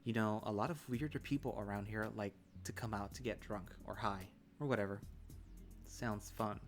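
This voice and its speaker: A man voicing a loud teasing wolf. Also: lowish voice, normal speed, soft background music, natural voice. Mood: casual. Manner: loud, laughing, playful. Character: brash teasing male wolf, big and loud.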